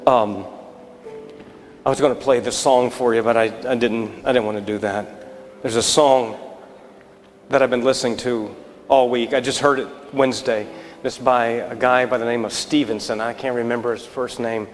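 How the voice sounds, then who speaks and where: A man in his thirties preaching a sermon, telling a story with acted-out dialogue and lively shifts between excited and hushed delivery. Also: mid-range voice, normal speed. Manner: animated storyteller, acting out dialogue, dropping to a hushed close. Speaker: pastor. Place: church sanctuary. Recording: reverberant church live stream with faint music.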